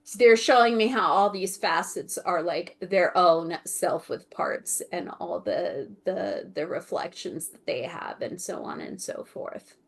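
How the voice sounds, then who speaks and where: On a group video call, a woman who channels the Akashic Records searches for words and laughs often, her phrases repeating and trailing off to a whisper. Her voice is low-leaning and gravelly, at a measured pace.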